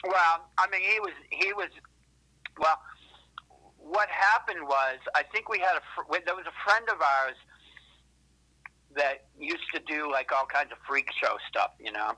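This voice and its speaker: A man's voice: fairly high pitch, animated, measured pace, long pauses, sharp tone, poor audio. A man being interviewed, telling rambling, profane stories with lots of self-correcting asides. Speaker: interviewed musician. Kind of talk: casual interview storytelling.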